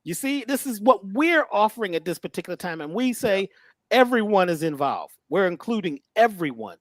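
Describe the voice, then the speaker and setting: A male guest giving an inspirational talk, with halting starts and preacherly wordplay. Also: sits high, big pitch swings, dry recording, clean studio sound. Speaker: guest speaker.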